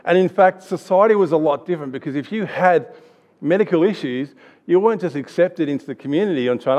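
A man's voice: a little high, lively intonation, fairly quick, a little mellow. A man in his thirties with an Australian accent, giving a chatty, anecdotal church sermon with restarts. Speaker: preacher.

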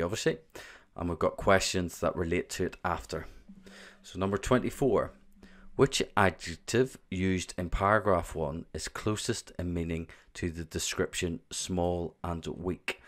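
A man talks through revision test questions one step at a time, like a teacher at the board. His voice is low and steady. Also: normal speed. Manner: step-by-step explaining. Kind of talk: exam revision walkthrough.

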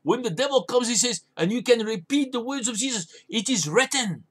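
A man's voice: very high voice, lively intonation, brisk, fairly bright tone, husky. A man preaching a sermon as a pastor, urging listeners with emphatic, repeated commands. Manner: emphatic, repetitive exhortation.

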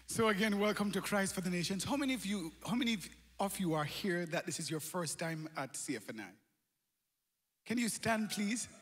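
A man's voice: high-pitched, lively intonation, moderate pace, fairly bright tone. A Jamaican man hosting a conference in a large auditorium, energetically calling out to the crowd. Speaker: conference host. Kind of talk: lively crowd warm-up.

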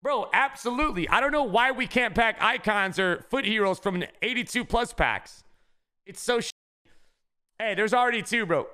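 A man streaming a video game, chatting casually with his chat and shouting when he gets a good pull. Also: high-pitched, normal speed, smooth. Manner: excitable, shouts at big pack pulls; talks to chat, says bro a lot. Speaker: gaming streamer. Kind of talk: casual live-stream commentary.

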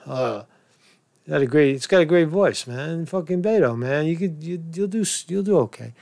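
A man's voice: a little high, lively intonation, a little fast, gravelly, darkish tone, no echo. A man delivering a crude, mocking political rant as a commentary vlogger, swearing often. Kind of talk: profane off-the-cuff political rant.

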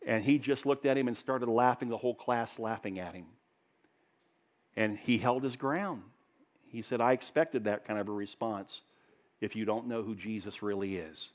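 A pastor preaching a sermon in church, rising to loud emphatic peaks and dropping to hushed, low passages. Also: male voice.

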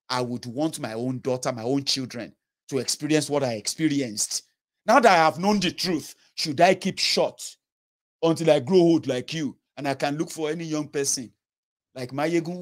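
Impassioned Nigerian man, higher voice. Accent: Nigerian Yoruba. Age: 30s. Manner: earnest, pleading, code-switching into Pidgin and Yoruba. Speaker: political commentator. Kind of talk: impassioned direct-to-camera monologue.

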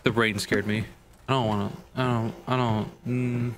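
A gaming video creator talks to his viewers while playing a horror game, nervous and jumpy and swearing a lot. His medium-pitched voice has a level tone and normal speed, and the recording is very noisy.

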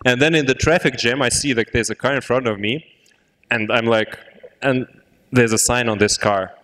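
A young man performing a stand-up comedy set at an open mic, talking haltingly and chuckling at his own jokes. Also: mid-range voice, fairly bright tone, rough recording. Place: indoor open mic venue.

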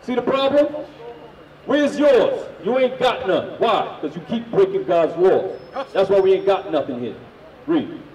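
A man street preaching, loudly firing questions at the crowd and drilling his points home. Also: high-pitched, expressive, measured pace, highs cut off. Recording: echoey, from far off.

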